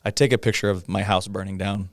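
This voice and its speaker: A middle-aged man, a police officer guest, recounting a personal story in a halting way, with many pauses, fillers and rueful laughs. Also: fairly low pitch, flat delivery, no echo, clean studio sound. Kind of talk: conversational storytelling in a podcast interview.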